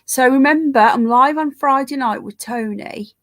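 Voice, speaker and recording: A woman's voice: sits high, moderate pace, fairly bright tone. A tired, yawning woman hosts a casual livestream, rambling chattily, greeting viewers by name and swearing now and then. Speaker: livestream host reading live chat.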